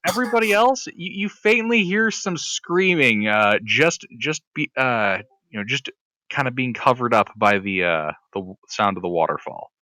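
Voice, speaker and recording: A man narrating as game master of a streamed tabletop game, halting with many fillers. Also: medium pitch, bright, forceful tone, dry recording, clean studio sound.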